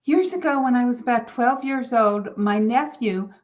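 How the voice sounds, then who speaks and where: High-voiced woman hosting a motivational podcast. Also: moderate pace, muffled recording. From California. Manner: storytelling, animated, quotes others in character. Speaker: podcast host.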